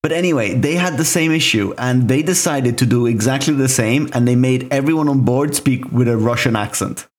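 A man's voice: medium pitch, a little fast, few pauses. A man from Italy with an Italian accent, a native Italian speaker co-hosting a podcast in easygoing, jokey chat. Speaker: podcast co-host. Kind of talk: casual chat.

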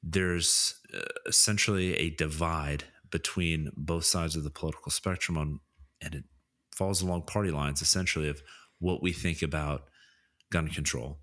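A man co-hosting a podcast, steadily and deliberately leading a casual discussion. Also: very deep voice, fairly even intonation, fairly bright tone. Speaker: podcast co-host. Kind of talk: casual chat, explaining political topics.

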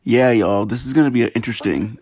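A man's voice: mid-range voice, quick pace, darkish tone, dry recording, studio quality. A man hosting a self-improvement podcast, laid-back and chatty, calling his listeners y'all. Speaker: podcast host. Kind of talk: casual podcast chat.

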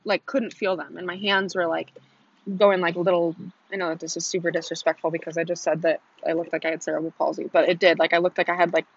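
A woman's voice: fairly low pitch, level tone, fast talker, dry recording, lo-fi sound. A young woman telling her viewers a personal story in a casual, chatty way, with lots of "like" and acted-out quotes. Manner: chatty, frequent "like", acts out quotes. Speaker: vlogger.

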